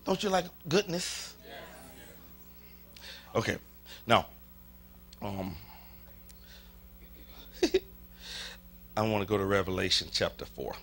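A male pastor with a Southern US accent preaching an animated sermon in a church, leading his congregation in call and response and dropping to a whisper at times. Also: on the low side, takes it slowly, vocal fry, long pauses, a little hiss or hum. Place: church sanctuary.

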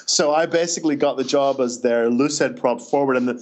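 A man with a Northern Irish accent, an author answering interview questions in a chatty, anecdotal way. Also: on the high side. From Northern Ireland. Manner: chatty, anecdotal, quick restarts.

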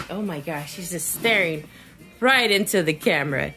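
A woman doll artist chatting casually while she dresses a doll, cooing at it in a high baby-talk voice. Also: very animated, normal speed, a bit bright, soft background music. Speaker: reborn doll artist and vlogger.

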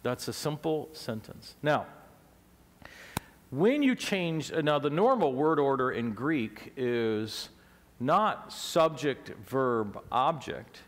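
A man's voice: medium pitch, animated, slow pace, in a large hall. A man preaching a teaching sermon to a congregation, explaining things step by step and asking them questions. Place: church sanctuary.

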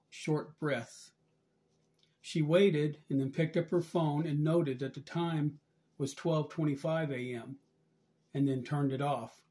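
A man reading aloud a written account of a dream and vision in a measured, subdued way. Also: on the high side, mellow. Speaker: religious channel narrator.

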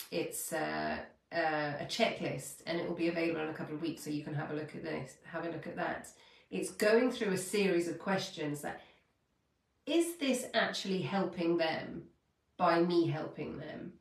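Woman host, fairly low voice, heartfelt and rambling, echoey room with the mic set back. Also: distant mic. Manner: heartfelt, rambling, self-correcting. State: near tears. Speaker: podcast host. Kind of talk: spiritual coaching talk.

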